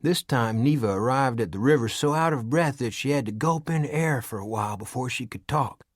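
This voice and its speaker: A man reading an audiobook in an even storytelling manner. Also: mid-range voice, a little fast, dry recording, studio quality. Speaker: audiobook narrator. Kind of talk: scripted narration.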